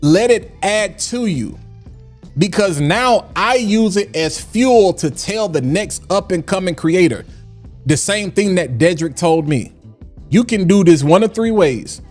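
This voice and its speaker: A man's voice: high-pitched, lively intonation, a little slow, darkish tone, faint music behind. A man hosting a casual livestream, talking in a preachy way and repeating lines for emphasis. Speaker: livestream host.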